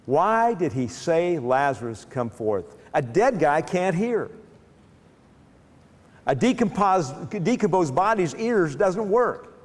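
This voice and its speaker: A man retells a Bible story as a lecture, animated, and often restarting his phrases. His voice sits fairly high for a man. A long hall reverb trails behind his words. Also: takes it slowly. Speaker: speaker.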